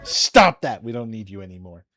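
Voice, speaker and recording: A man's voice: on the low side, sing-song, moderate pace, a bit bright, faint music behind. A man hosting a commentary video, ranting in a heated, sarcastic and profane way. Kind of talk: casual commentary rant.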